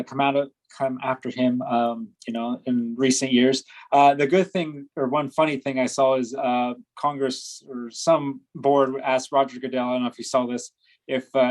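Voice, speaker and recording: A man co-hosting a podcast in casual chat, speaking in a hesitant, measured way. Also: medium pitch, poor audio. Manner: hesitant, many fillers and restarts, measured and agreeable. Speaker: podcast co-host.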